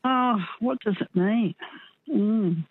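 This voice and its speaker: A woman's voice: fairly high pitch, slow pace, husky, no echo. A woman calling in to a radio quiz, hesitant and thinking aloud, heard over a phone line. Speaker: caller.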